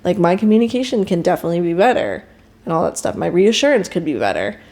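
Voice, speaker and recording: A woman's voice: lowish voice, very animated, fast talker, warm tone. A young woman, a podcast guest, frankly recounting a hard relationship in candid personal storytelling, quoting others with a raised voice.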